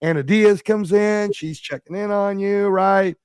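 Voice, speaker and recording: A man with a hoarse voice, a guest in a casual livestream chat, rambling and laughing as he talks. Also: high voice, steady tone, measured pace, a little mellow, no echo, clean studio sound.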